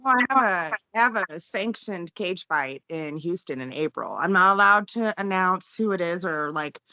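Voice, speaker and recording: A young woman talks as a podcast guest in an upbeat, chatty way, often breaking into laughs. Her voice is bright and forceful. The audio sounds dull and lo-fi, with a dry, close feel. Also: fairly low pitch, no room sound. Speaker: podcast guest, fighter and law student. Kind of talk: casual interview chat.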